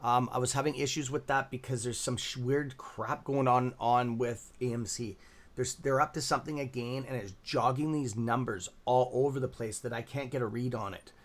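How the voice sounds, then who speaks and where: Canadian male stream host, tired, rambling with ums and restarts, middle pitch. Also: fairly even intonation, moderate pace. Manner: rambling, many fillers and restarts, reading chat names aloud. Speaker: livestream stock trading host. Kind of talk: casual live-stream commentary.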